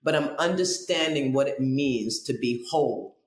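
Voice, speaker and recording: A woman hosting a podcast interview, chatting casually and wandering into animated digressions. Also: a bass voice, normal speed, reverberant. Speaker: podcast host.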